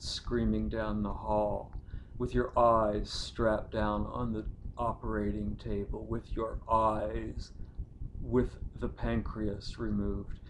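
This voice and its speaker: A man giving a poetry reading in a low, flat voice. He chants his lines as a slow, incantatory litany. The litany builds to repeated cries. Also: a little hiss or hum, poor audio. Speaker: poet.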